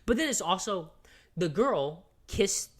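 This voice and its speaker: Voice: mid-range voice, big pitch swings, slow pace. A podcast co-host giving a long, rambling movie recap that is full of swearing, fillers and restarts. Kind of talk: casual podcast chat.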